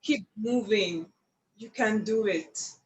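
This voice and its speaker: A woman, a painter guest telling her story in an animated, expressive way. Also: medium pitch, takes it slowly, slight background noise. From Nigeria. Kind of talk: casual storytelling interview. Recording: echoey room with faint ambience.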